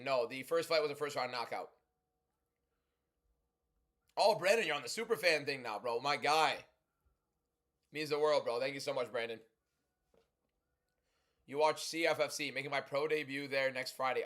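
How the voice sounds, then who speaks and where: A young man hosting a livestream, talking loudly and chatting casually as he reads and answers viewer comments. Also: mid-range voice, normal speed, pauses often. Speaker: livestream host.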